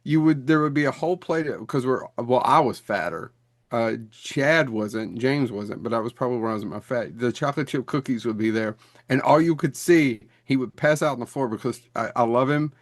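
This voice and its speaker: A podcast co-host in his forties spins loose anecdotes and keeps laughing at his own stories. His voice is middle-pitched and easy. The sound is dry and close. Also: a little fast, dry recording. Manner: rambling anecdotes, frequent laughter. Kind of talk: casual chat.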